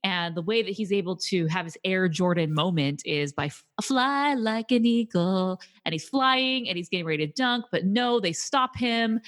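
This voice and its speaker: A woman's voice: on the low side, normal speed, hardly any pauses. A woman co-hosting a film review podcast, casually retelling scenes and acting out the quotes. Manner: animated retelling with acted-out quotes. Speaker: podcast co-host.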